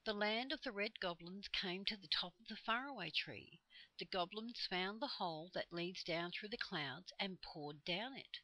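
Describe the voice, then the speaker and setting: A woman's voice: medium pitch, normal speed, sharp tone, no room sound, low-quality recording. A woman voicing a small, helpful red squirrel in a storybook reading, with an anxious, confiding manner. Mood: explaining.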